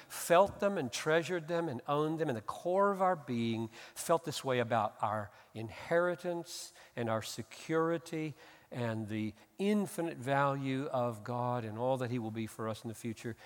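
A middle-aged man preaching a sermon as pastor, building from calm explanation to loud, emphatic peaks. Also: mid-range voice, big-room sound. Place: church.

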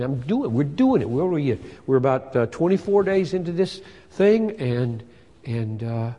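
Older guy preaching, mellow warm voice, loud then quiet, big echoey hall. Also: on the high side. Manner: emphatic, swinging between loud bursts and soft asides. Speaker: pastor. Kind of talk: sermon. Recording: long hall reverb.

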